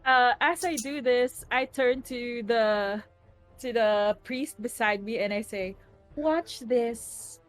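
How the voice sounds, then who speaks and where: A woman's voice: a little high, slow pace, soft background music. A woman playing a tabletop game in a playful way. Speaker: player.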